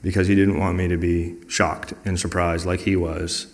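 A man with a low voice that has a gravelly fry in it tells earnest, reflective personal stories. He talks in a conversational way and sometimes acts out the words of other people. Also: little pitch movement, normal speed. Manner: earnest and reflective, acting out quoted dialogue. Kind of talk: personal storytelling in a conversational talk.

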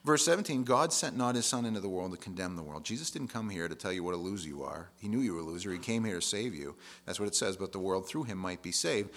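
Plain-talking male preacher, low voice. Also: big pitch swings, fast talker, few pauses, a bit bright. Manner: conversational, plain-spoken and emphatic. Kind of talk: sermon.

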